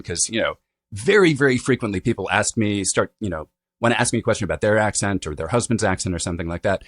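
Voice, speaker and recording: This man, a dialect coach, talks with a fairly low pitch and no room sound as a podcast guest. He lectures with animation, frequently tossing in "you know" and "right?" to check in.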